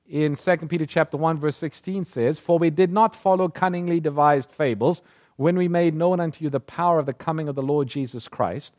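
A man's voice: fairly high pitch, darkish tone, no echo, clean studio sound. A man preaching a sermon, retelling scripture stories and acting out the voices in the quotes.

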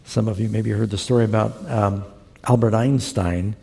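Preaching a sermon built around folksy stories, a man speaks in a lowish, steady, warm voice with vocal fry and a moderate pace. He acts out each quoted character, and a large hall's long reverb surrounds him.

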